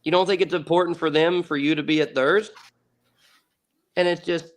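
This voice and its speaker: A man's voice: on the high side, fairly even intonation, moderate pace. A man in his thirties, a guest on a podcast, telling a story in an earnest, casual way, repeating words and swearing offhandedly. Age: 30s. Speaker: podcast guest, ATV racer.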